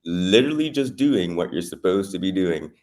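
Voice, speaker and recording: A man's voice: sits low, expressive, moderate pace. Emphatic male co-host. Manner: emphatic, repeats short phrases, playful. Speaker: co-host and theater actor. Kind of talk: casual studio banter.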